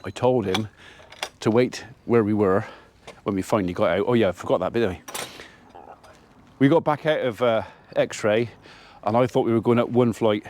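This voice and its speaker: A man's voice: fairly low pitch, normal speed, a little mellow, a little hiss or hum. A man, a farmer, chatting casually to camera as he tells a rambling story about his day. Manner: chatty, rambling anecdote with quoted dialogue. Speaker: farmer vlogger.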